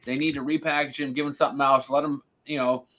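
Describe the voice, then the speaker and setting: A man's voice: medium pitch, little pitch movement, fast, fairly bright tone, poor audio. A man hosting a casual wrestling podcast, blunt and opinionated, swearing now and then. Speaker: podcast host.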